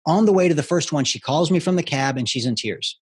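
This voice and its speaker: Man telling animated sales stories. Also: a little high, quick pace, slightly rough. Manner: animated storyteller who acts out quoted voices. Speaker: storytelling expert guest. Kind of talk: conversational interview.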